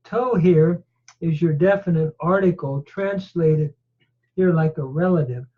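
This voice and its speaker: Slow, methodical male Bible teacher. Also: on the high side. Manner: methodical, parses word by word with frequent hesitations. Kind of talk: slow Greek grammar lecture. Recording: dull lo-fi recording.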